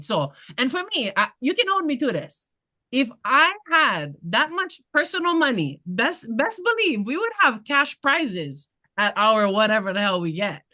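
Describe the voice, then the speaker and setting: Woman candidate, punchy bright voice, blunt and fired up at a town meeting. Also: medium pitch. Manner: passionate, blunt, laughing asides. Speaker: political candidate. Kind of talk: community meeting talk.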